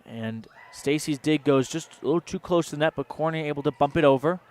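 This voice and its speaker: A man calling a volleyball match as play-by-play announcer on local radio, reading rapid action with sponsor mentions. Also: on the high side, darkish tone. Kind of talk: local radio sports commentary.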